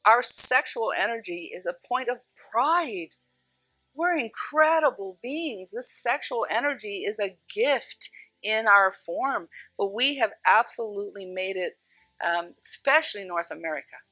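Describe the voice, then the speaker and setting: A woman with a bright, clear voice gives a spiritual teaching talk, earnest and emphatic. She leans on repeated phrases to drive points home. The sound is dry and close, with faint music underneath. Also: medium pitch, normal speed, no echo, low-quality recording.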